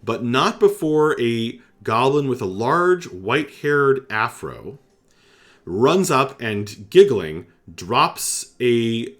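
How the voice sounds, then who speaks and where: A man narrating a tabletop game as game master, slowly, with many pauses and fillers. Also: medium pitch, big pitch swings, fairly bright tone.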